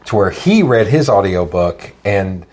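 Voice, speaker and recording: Guy guesting on a podcast, lowish voice, laid back, keeps forgetting names mid story. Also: a little slow. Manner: relaxed storyteller, searches for names. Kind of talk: casual chat.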